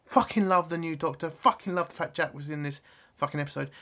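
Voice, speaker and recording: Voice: medium pitch, fast talker, fairly bright tone. A reviewer recapping a TV episode in a casual spoken review, ranting angrily with heavy swearing. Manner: angry, profane ranting.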